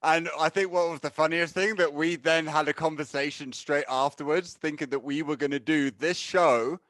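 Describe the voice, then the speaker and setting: A man's voice: fairly high pitch, fairly even intonation, moderate pace, fairly bright tone, no room sound. A British man co-hosting a podcast in casual, joking chat, talking through a sore mouth after having a wisdom tooth out. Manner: joking, laughs often. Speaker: podcast co-host.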